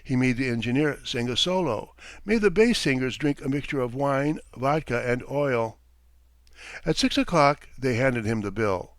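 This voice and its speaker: A man narrating a classic short story as an audiobook reader, in an even, unhurried way. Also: medium pitch, dry recording. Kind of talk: scripted narration.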